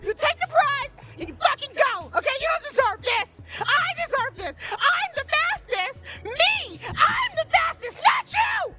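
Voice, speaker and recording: Super high squeaky slug racer in a game, unhinged, cusses a lot. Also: female voice, sing-song, a little slow, hardly any pauses, over loud music, heavily acted. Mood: screaming rage. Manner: chirpy, then explosive foul-mouthed screaming. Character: manic female slug racer obsessed with winning.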